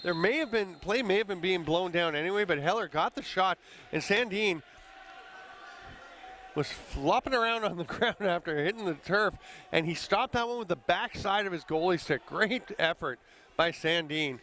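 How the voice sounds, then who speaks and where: A man calling a live lacrosse game play by play, brisk and conversational, with the odd chuckle. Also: sits high, pushed and bright, a little hiss or hum. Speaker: play-by-play commentator. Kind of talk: live sports commentary.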